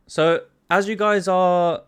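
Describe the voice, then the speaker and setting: A man's voice: high-pitched, fairly even intonation, slow, a bit bright, clear, resonant tone. A man narrating a tabletop game as game master, casual, laughing often and swearing.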